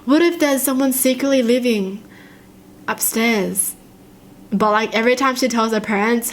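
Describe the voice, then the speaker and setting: A woman hosting a reaction video, reading short stories aloud and commenting on them in an expressive, chatty way. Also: a little high, normal speed, slight background noise. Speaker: reaction channel host.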